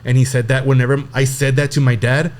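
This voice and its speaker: A man's voice: medium pitch, flat delivery, fast, slight background noise. A young man telling a personal story in casual podcast chat, rambling with lots of fillers and restarts and casual swearing.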